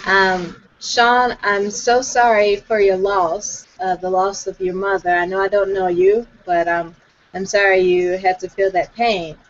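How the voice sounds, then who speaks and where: A woman in her twenties from Chicago, telling her personal story on an online call, hesitant with lots of "um"s and quick to joke about herself. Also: mid-range voice, flat delivery, lo-fi sound. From Chicago, USA. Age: 20s. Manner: hesitant with many "um"s, self-joking. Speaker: guest panelist. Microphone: video call.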